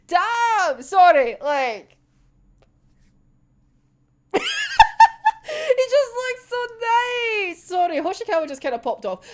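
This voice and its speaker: A young woman with a high voice hosts a manga reaction channel, casually gushing over a chapter while giggling and swearing a lot. The recording carries a slight hiss or hum.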